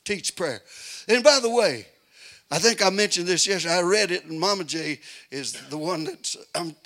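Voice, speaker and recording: An older man preaches a revival sermon in a high, bright voice. He tells homely stories slowly and then rises into shouting. The delivery is unhurried even at its loudest. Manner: folksy storytelling building to shouting.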